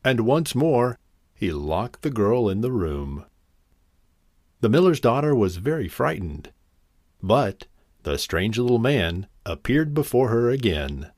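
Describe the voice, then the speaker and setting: A man narrating a fairy tale in an expressive, animated reading. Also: mid-range voice, slow, dry recording, clean studio sound. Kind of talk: storybook narration.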